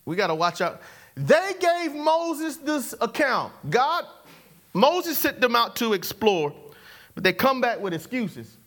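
A man preaches with a strikingly high voice, trading call and response with his listeners. He repeats his phrases, asks for an answer, and chuckles between points. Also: very animated, slow, a bit bright. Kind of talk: sermon.

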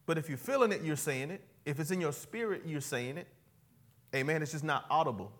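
A male pastor preaches in a high, bright, ringing voice. He leaps from loud cries down to quiet, folksy asides. He talks straight to his congregation in church. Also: sing-song, normal speed. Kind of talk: sermon.

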